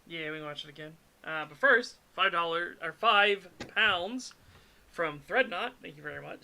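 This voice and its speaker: A man's voice: high voice, animated, normal speed, vocal fry, pushed and bright. A man hosting a stream, making dry, sardonic comments on a video. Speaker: stream host. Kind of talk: casual chat reacting to a video.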